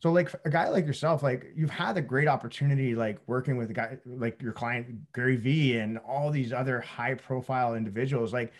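A man's voice: mid-range voice, fairly even intonation, a little fast, hardly any pauses. A man hosting a podcast, asking questions in a rambling way full of "like". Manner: rambling, leans heavily on "like". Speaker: podcast host. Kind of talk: casual podcast interview.

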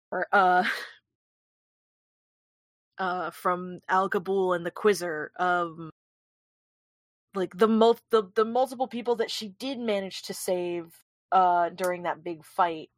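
A woman playing in a tabletop game, teasing and quick to laugh as she chats. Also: fairly low pitch, no room sound. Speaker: player. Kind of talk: casual tabletop play.

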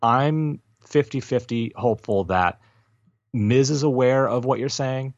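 A man's voice: medium pitch, unhurried, no echo, highs cut off. A man co-hosting a casual wrestling podcast, giving blunt, dismissive opinions. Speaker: wrestling show co-host.

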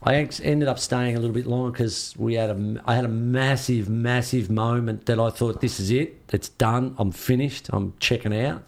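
A man's voice: medium pitch, moderate pace, vocal fry, few pauses. A man in an interview, casually telling a story and acting out what others said to him. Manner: lively, acts out what others said. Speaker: interview guest.

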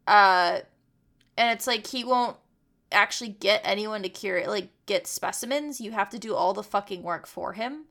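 A woman's voice: mid-range voice, moderate pace. A woman co-hosting a casual chat, rambling and swearing as she tells stories. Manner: rambling, profane, animated storytelling.

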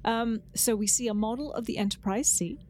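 A woman co-hosting a podcast, chatting casually and enthusiastically with lively asides. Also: fairly high pitch, a little fast, slight background noise. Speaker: podcast co-host.

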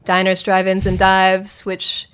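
A woman guests on a podcast, a writer explaining her work. Her humor is wry and dry. Her voice holds a flat, even pitch. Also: slow, smooth. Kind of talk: casual podcast chat.

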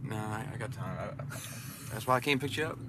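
A man's voice: fairly low pitch, fast talker, background noise. A man talking casually in a car, rambling and swearing, with a self-deprecating edge. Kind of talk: casual chat.

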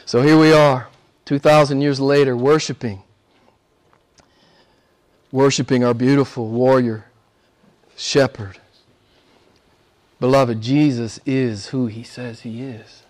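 A man preaching a sermon, swinging between loud, high exclamations and hushed, whispered passages. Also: fairly even intonation, slow pace, pauses often. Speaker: pastor.

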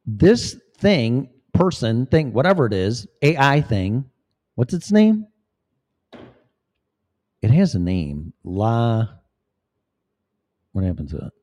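Male vlogger, rambling and preachy, profane; mid pitch with very lively intonation. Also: takes it slowly, pauses often. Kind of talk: casual monologue.

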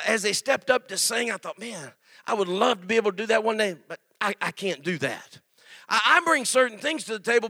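A man's voice: high voice, bright, forceful tone, dry recording. A middle-aged man preaching a folksy, storytelling sermon as a guest preacher, often calling for amens.

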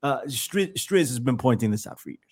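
A man hosting a podcast in casual chat, animated and jokey, laughing often as he riffs. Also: mid-range voice, a little fast, husky. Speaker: podcast host.

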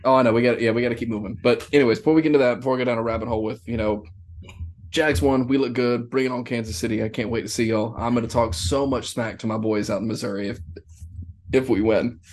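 A man's voice: mid-range voice, steady tone, fast talker, darkish tone. A young man co-hosting a casual sports podcast, joking loosely and talking trash with slang. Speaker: podcast co-host.

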